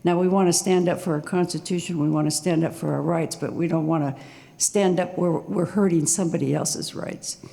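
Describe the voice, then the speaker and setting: An older woman with a heavily gravelly, mellow voice tells a true story live on stage. She sounds nervous and halting, and the sound rings with the long reverb of a performance hall. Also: lowish voice, steady tone. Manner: nervous, halting, with small laughs.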